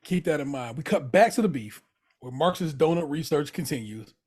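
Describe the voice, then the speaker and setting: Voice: mid-range voice, moderate pace, husky. A podcast co-host in casual chat about a TV show, talking in heavy slang with frequent swearing. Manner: slangy, profane, animated retelling of scenes.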